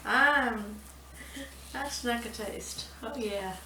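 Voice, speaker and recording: A woman with a drawl walks viewers through a home baking lesson, chatty and in no hurry. Her fairly high voice rings off the bare walls of a home kitchen. The mic sits a few steps away, with faint clatter of dishes behind her. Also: expressive, fairly bright tone, distant mic, slight background noise. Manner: chatty, unhurried, says "y'all". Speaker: home cooking show host. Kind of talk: casual cooking tutorial. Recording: echoey kitchen, mic set back.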